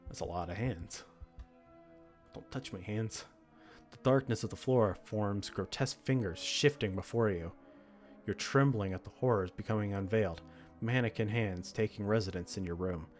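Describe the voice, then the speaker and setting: A man's voice: on the low side, moderate pace, soft background music. A man reading a text horror game aloud, with dramatic narration broken by laughs and reactions. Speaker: game streamer.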